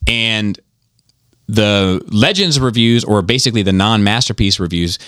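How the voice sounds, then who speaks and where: A man's voice: lowish voice, expressive, a little slow, fairly bright tone, clean tone, no echo, studio quality. A man hosting a casual podcast chat, talking in a rambling, emphatic way and often restarting his sentences. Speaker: podcast host.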